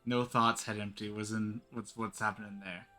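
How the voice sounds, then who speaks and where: Guy streaming a game, bright voice, joky offhand asides, faint game music behind. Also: lowish voice, little pitch movement, moderate pace. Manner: offhand, joking asides between dialogue reads. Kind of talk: casual gameplay commentary.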